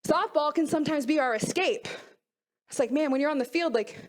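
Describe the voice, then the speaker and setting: Woman, 30s, motivational speaker, high bright voice, earnest storyteller who acts out her inner voices. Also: fairly quick. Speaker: mental performance speaker. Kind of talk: motivational talk to young athletes.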